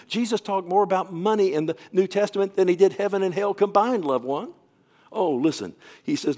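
Animated male preacher calling for amens. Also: high voice, normal speed. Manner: emphatic preaching, often asks the congregation for affirmation. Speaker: pastor. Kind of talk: sermon.

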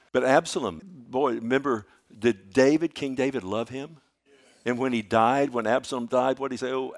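A male pastor delivering a sermon in a middle-pitched voice. He preaches emphatically, firing off rhetorical questions and reading scripture, then drops to a hushed, slow delivery for weight. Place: church.

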